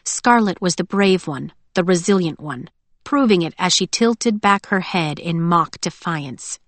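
Low-voiced woman reading an audiobook. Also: expressive, unhurried, dry recording. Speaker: audiobook narrator. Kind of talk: scripted narration.

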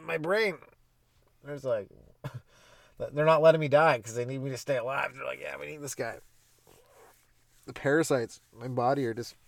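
A man's voice: medium pitch, a bit bright, no echo. A young man hosting a comedy podcast, riffing loosely through a profane, self-mocking monologue. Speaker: stand-up comedian, podcast host.

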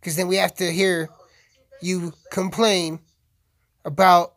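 A man's voice: high voice, flat delivery, takes it slowly, long pauses, a bit bright. A man giving a casual, profane, rambling reaction commentary on a film, joking with viewers. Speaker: video commentator.

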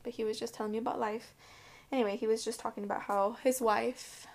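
A woman's voice: fairly high pitch, fairly even intonation, fast, creaky, a little mellow. A woman hosting a podcast in casual chat, rambling and swearing freely while getting ready at home. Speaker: podcast host. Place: indoors at home, curling hair.

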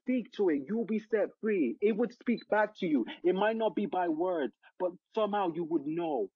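A man's voice: sits high, moderate pace, husky, no echo, narrow, tinny audio. A man with a British accent, a podcast guest speaking in short, fervent, preaching phrases. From United Kingdom. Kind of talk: passionate motivational talk.

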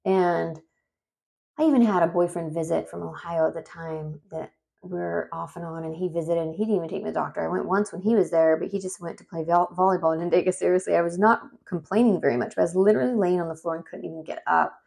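Speaking fast with vocal fry and a lowish voice, a thirtysomething woman rambles through a story from her own life. Her delivery is lively and conversational, packed with fillers and side comments.

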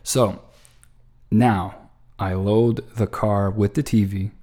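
A man spins a long, meandering anecdote, cursing freely and tripping over his own restarts. His voice sits slightly low and has a dark, mellow tone. He sounds exasperated as he recounts his frustrations. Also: takes it slowly. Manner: rambling, profane, lots of restarts; exasperated, animated retelling. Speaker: storyteller. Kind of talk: casual anecdote monologue.

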